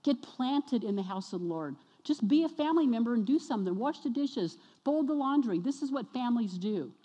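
A woman preaching a sermon to her congregation, energetic and exhorting, often questioning the listeners. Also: on the high side, brisk, breathy edge, highs cut off. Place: church sanctuary. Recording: long reverb of a church hall.

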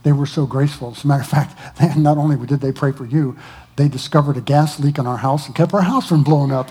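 A pastor speaking to his congregation, exhorting people not to go through hard times alone and pausing often with fillers. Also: on the high side, steady tone, warm tone, breathy edge. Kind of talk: testimony to a church congregation.

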